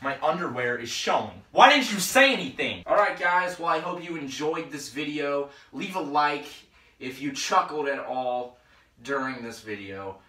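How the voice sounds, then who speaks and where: A nineteen-year-old man vlogging at home, rambling excitedly and filling his talk with "like", swinging from mumbles to yells. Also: on the high side, normal speed, roomy sound, recorded from a distance. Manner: excitable, rambling, heavy use of "like", jumps between mumbling and yelling. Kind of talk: casual rambling vlog monologue. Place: home, indoors, at night.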